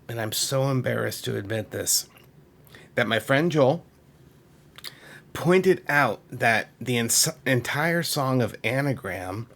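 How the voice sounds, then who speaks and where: A middle-aged Massachusetts man with a medium-pitched, fairly bright voice and some vocal fry chats to camera about his music collection. He's enthusiastic and rambling, often turning aside to address viewers.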